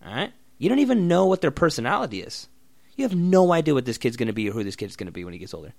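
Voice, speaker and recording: A man's voice: medium pitch, sing-song, racing, creaky, a little mellow, no echo. A young man hosting a solo podcast, ranting bluntly and sarcastically with lots of swearing. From Oregon. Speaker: podcast host.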